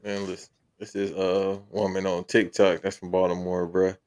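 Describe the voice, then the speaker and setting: A man's voice: low-pitched, flat delivery, moderate pace, a little mellow. A grown man chatting casually as a podcast co-host, joking and crude as he tells stories. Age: adult. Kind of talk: casual chat.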